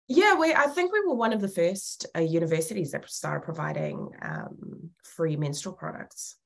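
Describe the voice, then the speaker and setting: A woman's voice: fairly low pitch, expressive, moderate pace, gravelly. A woman co-hosting a podcast in casual chat, blunt, swearing freely and laughing often. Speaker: podcast co-host.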